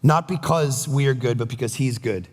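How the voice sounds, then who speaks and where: A man preaching a sermon as pastor, telling stories with animated delivery and acting out other people's lines. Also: mid-range voice, moderate pace. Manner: storytelling, animated, acts out quotes. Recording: long hall reverb.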